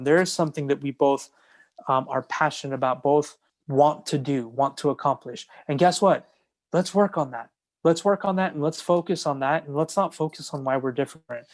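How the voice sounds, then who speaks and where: Male podcast guest, slightly high voice, earnest, repeats and restarts phrases. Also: normal speed. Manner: earnest and repetitive, restarting phrases, building to points. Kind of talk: casual podcast conversation.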